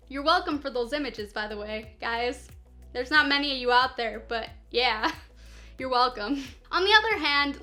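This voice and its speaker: A young woman with a high, ringing voice talks through writing tips in a lively vlog. She is playful and animated, cracking jokes at her own expense. Faint music plays beneath her. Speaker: writing advice vlogger. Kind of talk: upbeat educational vlog.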